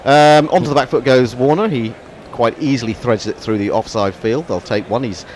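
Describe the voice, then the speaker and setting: A man's voice: mid-range voice, normal speed, darkish tone, a little hiss or hum. A man commenting ball by ball on a cricket match, with wry, chatty banter between deliveries.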